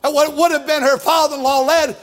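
A middle-aged man preaching a fiery sermon as pastor, loud and boisterous, building to shouts. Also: very high-pitched, fairly even intonation, brisk.

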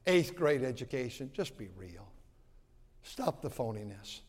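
A man's voice: medium pitch, very animated, unhurried, husky. A male pastor preaching a sermon in an emphatic, repetitive style with folksy asides to his congregation. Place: church sanctuary. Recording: long church hall reverb.

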